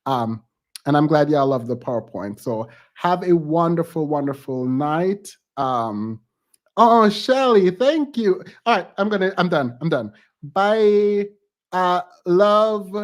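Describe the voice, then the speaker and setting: Near tears and full of thanks, a streamer says goodbye to his audience in loose conversation, his speech halting. His voice sits high and is expressive.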